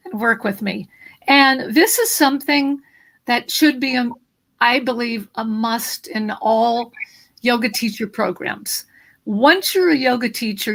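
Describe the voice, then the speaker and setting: A woman voice coach speaking in a live video interview, animated and instructive, with a slight morning frog in her throat. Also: a little high, rough recording.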